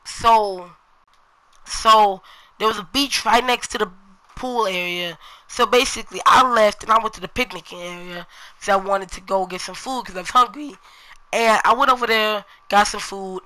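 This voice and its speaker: A woman vlogger recounts her day in a loose, rambling storytelling style. Her voice is bright and forward, and she peppers her talk with slang and "you know". Her pitch sits in an ordinary middle range. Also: no echo, rough recording. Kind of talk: casual storytelling to camera.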